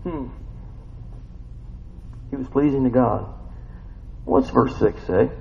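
A man's voice: mid-range voice, slow pace, creaky, a little hiss or hum. A man preaching a casual, story-driven sermon, full of rhetorical questions and folksy asides. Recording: muffled sound with long hall reverb.

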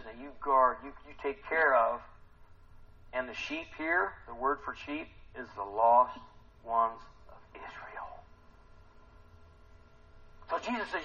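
A man preaching a sermon in an excitable, animated way, swinging between hushed and loud. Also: mid-range voice, muffled recording.

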